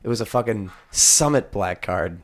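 A young man in casual chat with friends, telling crude, animated stories about working at a bar. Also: lowish voice, normal speed. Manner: crude, joking, animated storytelling.

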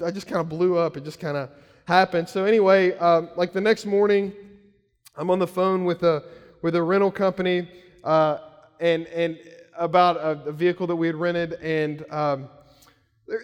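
Pastor preaching in a reverberant hall. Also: male voice, high-pitched, smooth. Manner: conversational storytelling, shouts when acting out quotes. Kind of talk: sermon.

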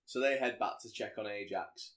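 A man's voice: fairly low pitch, normal speed. Male podcast co-host, chatty film recap, jumps into character voices. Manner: animated storyteller, acts out quotes in voices. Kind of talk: casual chat recapping a film.

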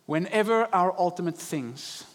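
Young guy preaching at church, kinda high voice, gets animated and acts out what people think. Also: measured pace. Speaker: pastor. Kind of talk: sermon. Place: church service.

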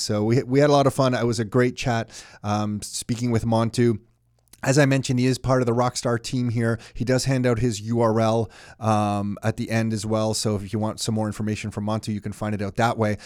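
A man's voice: medium pitch, a little mellow, no room sound, studio quality. A man co-hosting a podcast, chatting casually with many fillers and restarts. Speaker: podcast co-host.

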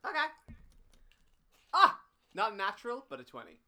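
A man's voice: high voice, wildly swooping pitch, normal speed, bright, forceful tone. A man playing a tabletop game, joking and swearing casually. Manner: joking, profane. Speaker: player.

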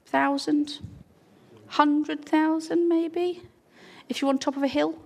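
A woman's voice: high-pitched, steady tone, slow, creaky. Chatty earnest woman speaking in church. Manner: chatty and earnest, with many ums and restarts. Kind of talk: informal talk to a congregation.

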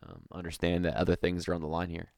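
A man's voice: low-pitched, animated, fast, vocal fry, darkish tone, no room sound, studio quality. A man co-hosting a podcast, rambling through a story in casual chat and saying dude a lot. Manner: rambling, peppers talk with dude. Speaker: podcast co-host.

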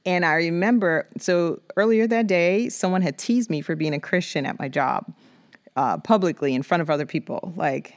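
A woman from the Bronx in her thirties, a podcast guest telling a personal story with animated acted-out quotes. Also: normal speed, dry recording. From the Bronx, New York. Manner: animated, acts out quoted voices with big pitch jumps.

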